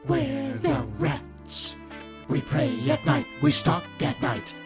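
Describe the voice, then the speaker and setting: A woman voicing a chorus of sinister rats in a slow, ominous chant. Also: high-pitched, huge pitch swings, creaky, over music, exaggerated voice.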